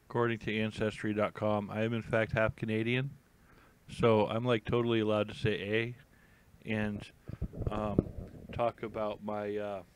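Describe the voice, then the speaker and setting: A man's voice: fairly low pitch, dry recording. A man hosting a casual live stream, reading headlines aloud with rambling, jokey, self-mocking asides.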